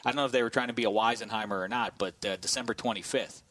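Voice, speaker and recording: A man's voice: lowish voice, fairly even intonation, rapid-fire, a bit bright, recorded from a distance, slight background noise. A man hosting a sports panel show, talking casually in a wry, teasing way.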